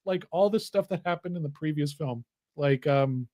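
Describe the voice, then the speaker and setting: Young male co-host, slightly higher voice, acts out every quote. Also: moderate pace, dry recording, dull audio. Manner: animated storyteller acting out quotes. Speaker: podcast co-host. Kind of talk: casual chat.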